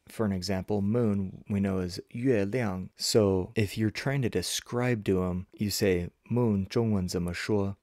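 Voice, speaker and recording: A man teaching a language lesson, modeling phrases slowly and carefully. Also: on the low side, mellow, no room sound, clean studio sound. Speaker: Mandarin teacher.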